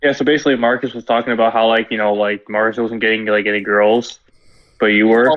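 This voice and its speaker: A man's voice: on the low side, little pitch movement, fast talker, highs cut off. A young man joining a casual podcast chat, talking hesitantly with many fillers.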